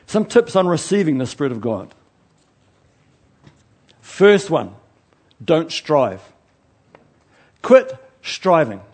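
A preacher with a somewhat high, husky voice delivers a sermon in a chatty, animated way. He swings between loud outbursts and quiet asides and jokes at his own expense as he goes. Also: slow pace, long pauses. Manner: chatty, self-mocking and joking.

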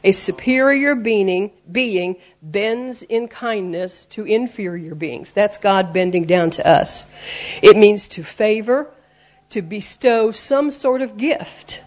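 A woman's voice: medium pitch, slow pace, darkish tone. A woman preaching a sermon, explaining the roots of words and quoting scripture in an earnest teaching tone.

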